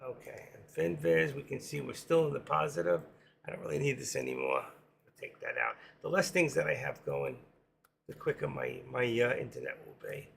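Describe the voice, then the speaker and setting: Gravelly hoarse man chatting live. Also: medium pitch, animated, moderate pace, a little hiss or hum. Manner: rambling, talks to himself while working charts. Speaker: livestream trading host. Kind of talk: casual live stream commentary.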